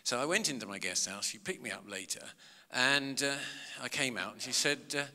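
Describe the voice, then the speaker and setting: A comedian spins self-mocking stories for a live audience, his pitch leaping up and down as he goes. His voice is bright and forceful. The sound rings with the long reverb of a big public hall. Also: fairly quick. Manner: chatty, self-mocking, animated anecdotes. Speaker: comedian and author giving a talk. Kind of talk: storytelling talk to a live audience.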